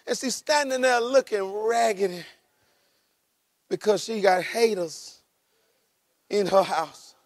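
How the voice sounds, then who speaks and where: Pastor guy preaching, high voice with lots of gravel, storytelling, laughing, shouting then going quiet. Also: takes it slowly, pauses often. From rural United States. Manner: animated storytelling preacher, shouting and dropping low by turns. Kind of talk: sermon.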